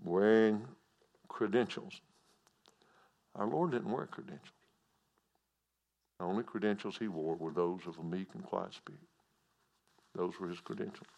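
A man preaches a sermon in a plain, folksy way, repeating his key phrases. His voice is low and gravelly. He drops to near-whispers and then climbs to loud, emphatic declarations. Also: a little slow, long pauses. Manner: folksy preaching with repetition and swings from hushed to loud.

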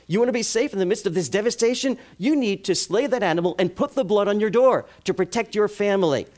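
A male preacher delivering a sermon in an animated way, asking the congregation rhetorical questions. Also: sits high.

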